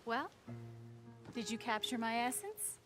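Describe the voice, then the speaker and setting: A woman's voice: on the high side, lively intonation, a little slow, music in the background. An actress voicing an aloof, theatrical young woman stranger with an affected, odd-accented delivery, in video game dialogue. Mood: mannered.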